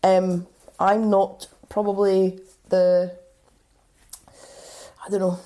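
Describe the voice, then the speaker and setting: A woman's voice: medium pitch, level tone, extremely slow, dark tone. A woman co-hosting a casual podcast, chatting and reading lists from her notes with frequent ums. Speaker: podcast co-host.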